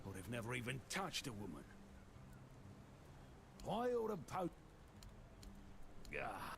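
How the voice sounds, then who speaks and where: A man voicing a grumpy, foul-mouthed old former keeper in a video game, with a gruff, rambling way of talking. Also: mid-range voice, huge pitch swings, slow pace, a bit bright, a little hiss or hum, exaggerated voice. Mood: reminiscing. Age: older. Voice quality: gravelly. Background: game music.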